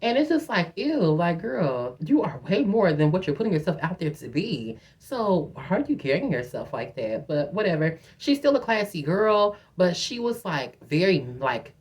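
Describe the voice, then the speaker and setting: A woman telling a personal story to her viewers in a chatty, profane, animated way, often calling them "girl". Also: on the low side, moderate pace, few pauses. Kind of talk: casual storytime monologue.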